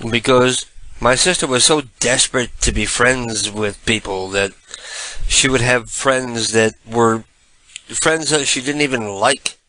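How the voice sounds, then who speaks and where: A man's voice: medium pitch, pushed and bright, no room sound, low-quality recording. A male radio host telling a blunt, profane story in a rambling comic style.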